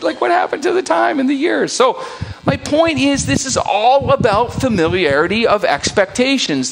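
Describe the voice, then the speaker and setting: A middle-aged man giving a forum talk to parents, animated and storytelling, acting out quotes. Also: very high voice, creaky, slight background noise. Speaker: school psychologist presenting to parents. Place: school auditorium. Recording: long hall reverb.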